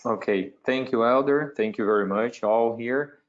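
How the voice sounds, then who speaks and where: A man from Brazil with a Brazilian Portuguese accent, a wildlife vet giving a webinar talk, pausing to search for words and asking the audience questions. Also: medium pitch. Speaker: wildlife veterinarian presenter. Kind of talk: webinar presentation. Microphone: computer mic on a video call. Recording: dull lo-fi webinar audio.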